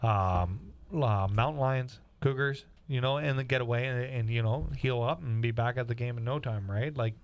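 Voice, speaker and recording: A man's voice: mid-range voice, moderate pace, few pauses, dry recording, highs cut off. Man bantering on a dry mic. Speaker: podcast co-host. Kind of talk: casual banter.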